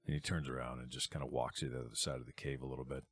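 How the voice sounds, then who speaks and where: A man narrating as game master of a tabletop game, describing the action in a lively way. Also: a bass voice, rapid-fire.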